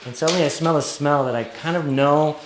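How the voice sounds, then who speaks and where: A young man telling a comic personal story live on stage, animated and often laughing as he talks. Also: on the high side, a little fast, roomy sound, noisy background. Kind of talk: live storytelling before an audience. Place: stage before a live audience.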